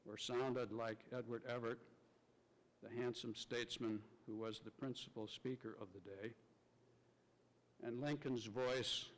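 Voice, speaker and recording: A man in the middle of the male pitch range speaks in a measured, stately ceremonial manner. His voice carries a long reverb from a large hall. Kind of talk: formal ceremonial narration.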